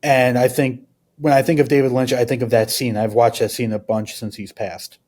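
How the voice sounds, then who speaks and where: A man's voice: medium pitch, level tone, normal speed, a little mellow. A man, a guest on a podcast, telling personal stories in a rambling, casual way. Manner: rambling, uses many fillers.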